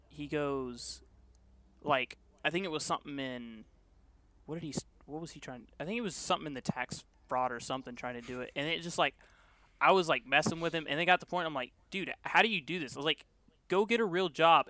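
A man's voice: a little high, a little fast, sharp tone, no echo. A man co-hosting a casual podcast, rambling through a story with lots of fillers. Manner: rambling, full of "like" and restarts. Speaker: podcast co-host. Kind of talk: casual chat.

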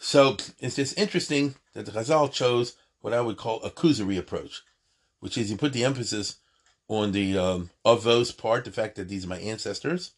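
Husky man giving an emphatic lecture. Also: fairly low pitch, moderate pace. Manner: discursive, emphatic, frequent asides and restarts. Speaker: Torah teacher. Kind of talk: informal lecture on prayer.

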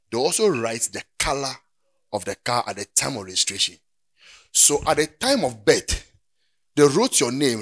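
A man preaching a sermon, dropping to quiet talk and then rising to shouted, sing-song preaching. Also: mid-range voice.

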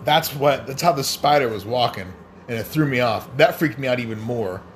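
A man's voice: mid-range voice, moderate pace, a little hiss or hum. A man hosting a casual solo podcast, rambling and swearing freely in a loose, crude way. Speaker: podcast host.

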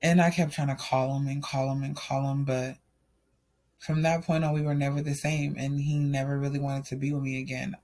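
A man's voice: medium pitch, flat delivery, a little fast, a little mellow. A young adult man casually telling a personal story, candid and emotional, speaking in loose run-on sentences. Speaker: storyteller sharing a personal testimony.

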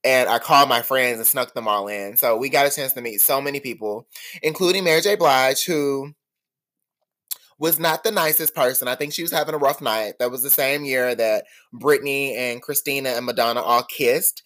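A man hosting a podcast, telling casual stories in an animated, gossipy way with dramatic asides. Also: medium pitch, moderate pace. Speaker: podcast host. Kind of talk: casual storytelling monologue.

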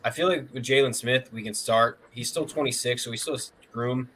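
A man co-hosting a casual sports podcast, giving opinions quickly with many "likes". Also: mid-range voice, sharp tone, slight background noise. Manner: quick, opinionated, uses "like" often. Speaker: podcast co-host.

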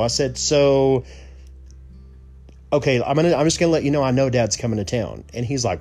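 A man's voice: medium pitch, fairly quick, darkish tone. Man, casual storytelling, rambling with restarts, faint background music. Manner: rambling, many restarts and asides.

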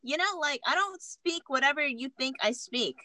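A woman's voice: sits high, animated, moderate pace, sharp tone, dry recording. An American woman, a podcast guest, telling a story candidly and acting out the dialogue. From United States. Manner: candid, laughing, acts out dialogue. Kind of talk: casual storytelling.

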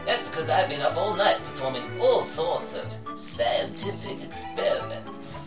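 A woman's voice: low voice, very animated, unhurried, reverberant, over music. A woman playing a smug male professor with a plummy, knowing manner. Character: dotty British male professor, seedy and smug.

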